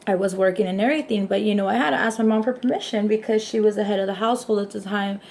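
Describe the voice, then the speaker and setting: A woman's voice: mid-range voice, very fast, darkish tone, slight background noise. A young woman chatting casually in a personal vlog, rambling and laughing often as she talks. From Hispanic background, raised in the US.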